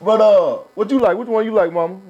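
A man's voice: high-pitched, fairly quick, a little mellow, muffled recording. A man hosting a casual podcast, talking loose and slangy as he hypes up his guests. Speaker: podcast host.

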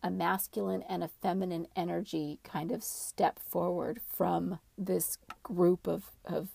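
A woman telling a personal story casually, in an animated, dramatic way. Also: on the low side, measured pace, gravelly, breathy edge, no echo.

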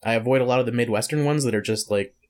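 A man co-hosting a podcast in casual chat, easygoing and quick to laugh, often rambling. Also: mid-range voice, darkish tone. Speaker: podcast co-host.

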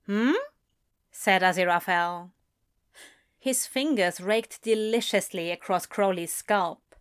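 A woman narrating a fan fiction story in an unhurried, expressive storytelling manner. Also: lowish voice, clean tone. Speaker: reader.

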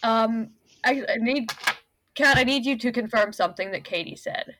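A woman's voice: a little high, moderate pace, background noise. A woman co-hosting a casual TV recap chat, wry and sarcastic in her jokes. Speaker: podcast co-host.

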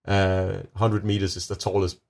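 Earnest Danish man with a low voice. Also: little pitch movement, moderate pace, vocal fry, darkish tone. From Denmark. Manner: earnest, emphatic, many restarts. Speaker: nuclear energy advocate guest. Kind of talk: interview answers.

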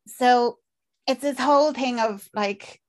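A woman's voice: a little high, takes it slowly. A young Irish woman chatting casually on a podcast, retelling a film with acted-out lines and swearing. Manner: animated storyteller, acts out characters, swears freely. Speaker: podcast co-host. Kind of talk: casual chat recapping a film.

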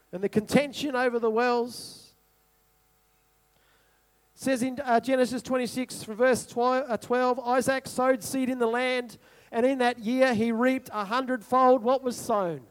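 A man preaches with an unusually high-pitched voice. He repeats key phrases for emphasis and keeps asking the congregation questions as he works through scripture. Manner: repetitive rhetorical preaching, asks the congregation questions. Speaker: pastor. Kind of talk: sermon.

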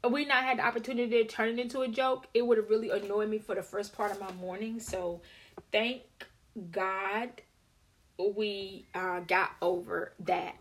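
A woman's voice: medium pitch, a bit bright. A woman vlogger telling a story to her viewers in a candid, emphatic, sassy way with casual swearing. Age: adult with a daughter.

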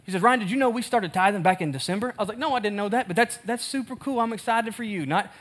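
Casual male preacher, bright and high-pitched, chatty sermon delivery with self-deprecating humor. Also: quick pace. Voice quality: lively storytelling, acts out both sides of conversations. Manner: casual and conversational, laughs at himself. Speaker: pastor.

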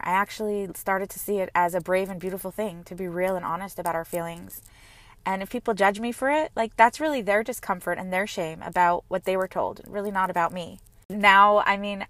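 A woman in her thirties, a mother, talking earnestly and gently about her own experience in a heartfelt personal monologue. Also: mid-range voice, no echo. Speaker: mother sharing personal reflections.

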